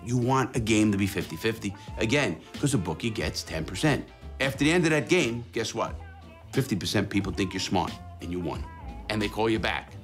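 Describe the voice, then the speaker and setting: A man's voice: lowish voice, animated, fairly quick, soft background music. Blunt, profane man recounting his past. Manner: blunt and profane, acts out dialogue. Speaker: former illegal bookmaker telling his story. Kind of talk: documentary interview storytelling.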